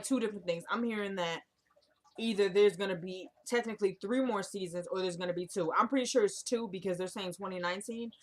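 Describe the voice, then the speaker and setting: A young woman casually recapping a TV episode, chatty and animated, acting out the scenes as she retells them. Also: medium pitch. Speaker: TV episode reviewer.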